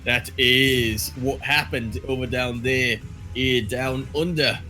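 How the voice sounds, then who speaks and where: A man voicing a brash male announcer with a put-on Australian accent, giving a loud, hyped player introduction. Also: medium pitch, steady tone, slow, faint music behind.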